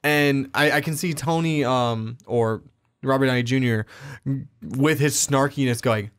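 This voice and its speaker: A man co-hosting a podcast in an easygoing chat. He pauses often with ums and searches for words. He trails off and restarts his thoughts. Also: medium pitch, clean tone. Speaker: podcast co-host. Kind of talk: casual chat.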